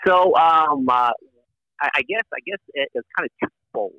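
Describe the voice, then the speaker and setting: Man with a bright, dull-sounding line. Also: on the high side, expressive, moderate pace, vocal fry, no echo. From United States. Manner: many fillers and restarts. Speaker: guest, Navy lawyer. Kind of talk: casual interview.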